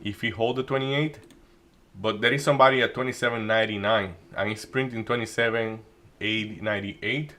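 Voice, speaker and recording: A man doing live trading commentary, thinking aloud with many restarts and halting phrases. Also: lowish voice, fairly even intonation, sharp tone. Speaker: day trading streamer.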